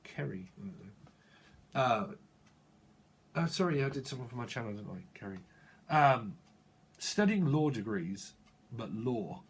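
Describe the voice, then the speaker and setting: A man's voice: mid-range voice, big pitch swings, unhurried, pauses often, husky. A man giving a tarot reading, free-associating through wordplay and chuckling as he goes. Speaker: tarot reader.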